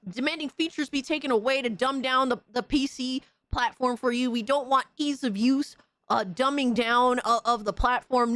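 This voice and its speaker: Woman podcast host: high voice, dry close sound, profane mocking rant style. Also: normal speed, a bit bright, no room sound. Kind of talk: casual gaming rant.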